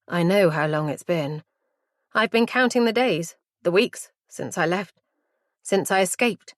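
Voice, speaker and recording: A woman narrating a first-person audiobook in a measured, intimate and reflective way. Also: on the low side, no room sound, clean studio sound.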